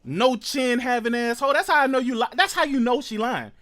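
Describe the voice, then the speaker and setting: A man hosting a reaction commentary show, ranting loudly and mockingly with heavy profanity. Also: very high voice, a little fast. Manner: loud, profane, mocking rants. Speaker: commentary host.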